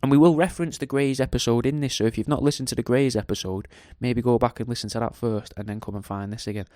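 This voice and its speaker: A middle-aged man hosts a radio show in a loose, rambling monologue. He jokes crudely, drifts off topic and keeps tagging on little questions. His voice is smooth and clear, at a middle pitch, with a dry, close sound. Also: fairly even intonation, fast talker, a little mellow, dry recording. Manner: jokey, crude and digressive, tag questions.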